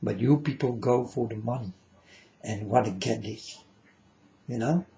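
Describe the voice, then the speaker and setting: A man's voice: medium pitch, unhurried, vocal fry, warm tone. A man giving an earnest, repetitive, preachy monologue to his listeners, whom he calls folks. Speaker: vlogger. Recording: dull lo-fi recording.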